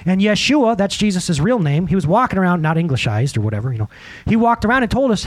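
A man preaching a sermon to a congregation, animated and direct, often asking the listeners questions and acting out quotes. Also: high-pitched, fast. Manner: breaks into acted-out quotes. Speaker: pastor.

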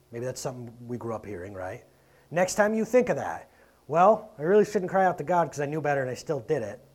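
A man preaching a conversational sermon, asking rhetorical questions and swinging between loud and quiet. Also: mid-range voice, husky. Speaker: pastor.

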